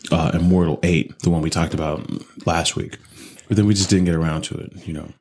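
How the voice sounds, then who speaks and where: Deep husky man chatting about whiskey. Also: fairly even intonation, brisk, darkish tone. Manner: loose and profane, rambling with fillers. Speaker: podcast co-host reviewing whiskey. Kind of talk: casual chat.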